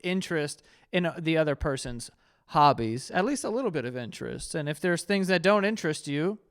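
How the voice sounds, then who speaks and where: Man, 30s, host reacting to dating tips, crude joker, clear tone. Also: fairly high pitch, animated, fairly quick, a bit bright. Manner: loose, crude, joking, laughs often, mock voices. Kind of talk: casual reaction commentary.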